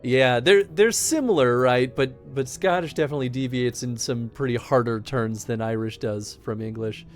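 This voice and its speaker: A man's voice: medium pitch, moderate pace, few pauses, faint music behind. A man streaming a game, chatting casually and animatedly, laughing often. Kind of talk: casual gameplay chat.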